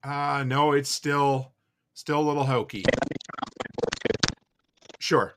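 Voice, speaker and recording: A man hosting a live call-in podcast, chatting casually and relaxed, with the odd curse word. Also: medium pitch, slow pace, very noisy. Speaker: podcast host taking live calls.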